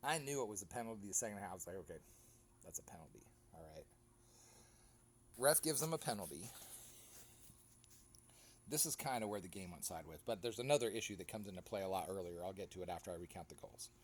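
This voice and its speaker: A man's voice: fairly low pitch, fast, a little hiss or hum. A man, a goalkeeper animatedly recapping his own soccer match in casual commentary. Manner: animated storytelling, acts out other players.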